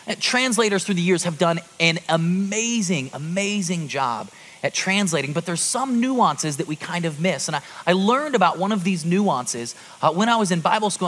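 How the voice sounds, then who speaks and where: A man in his thirties preaching a sermon to a congregation, conversational and lively, with rhetorical asides. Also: sits high. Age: 30s. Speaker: pastor. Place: church auditorium before a congregation.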